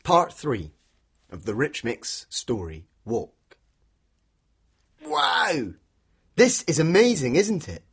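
A man's voice: medium pitch, wildly swooping pitch, slow, husky. A man, telling an interactive children's story and inviting listeners to join in. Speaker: storyteller guide for a children's walk.

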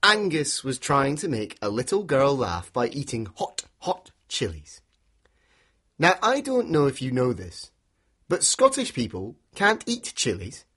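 Playful husky man telling a children's story. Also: medium pitch, a little slow. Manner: playful, animated, prompts listeners to join in. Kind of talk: interactive story narration for children.

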